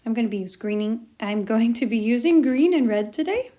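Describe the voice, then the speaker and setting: A young woman teaches a recorded lesson in a chatty, jokey way. Her voice sits a little high, and she mutters quiet asides to herself as she writes. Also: lively intonation, a little fast. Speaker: Spanish teacher.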